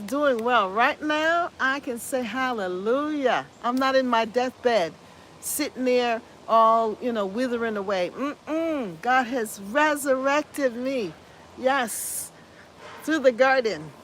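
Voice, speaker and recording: A woman's voice: high-pitched, a bit bright. Scratchy-voiced woman hosting a gardening livestream. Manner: effusive and upbeat, repeats phrases, exclaims hallelujah. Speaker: gardening channel host. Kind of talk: casual livestream chat reading viewer comments.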